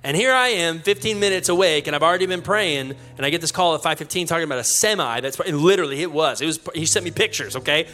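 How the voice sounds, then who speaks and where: Animated storytelling male pastor. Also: fairly high pitch, quick pace, hardly any pauses. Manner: animated, laughing, self-mocking. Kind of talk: storytelling sermon.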